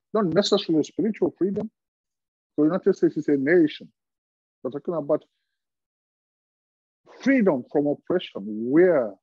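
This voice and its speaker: Male pastor, fervent repetitive sermon delivery, fairly high husky voice, dull dry recording. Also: no room sound. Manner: fervent preaching with repetition and emphatic pauses.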